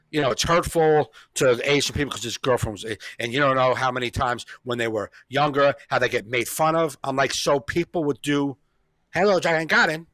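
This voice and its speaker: A man's voice: mid-range voice, fairly bright tone, no echo. A male comedian hosting a podcast, telling stories in a casual, profane way. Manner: storytelling, profane, with restarts. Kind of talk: casual chat.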